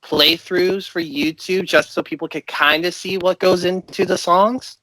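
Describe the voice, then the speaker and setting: Eager male host, slightly high voice, long rambling questions, dry recording. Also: steady tone, measured pace, bright, forceful tone, no echo, low-quality recording. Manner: enthusiastic, asks long winding questions. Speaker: interview host. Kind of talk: casual interview.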